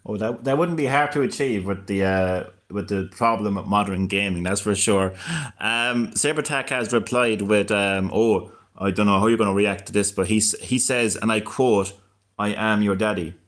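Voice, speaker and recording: A man's voice: lowish voice, moderate pace. A man hosting a gaming live stream in casual chat, hesitant and stammering, with frequent laughs.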